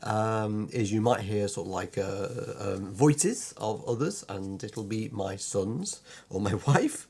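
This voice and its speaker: A man's voice: lowish voice, slow, creaky, darkish tone, breathy edge. A British man from Lancashire introducing his illustration course to camera from his drawing room at home, rambling and sidetracked with many ums and restarts. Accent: British English. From Lancashire, England. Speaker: illustrator and online course teacher.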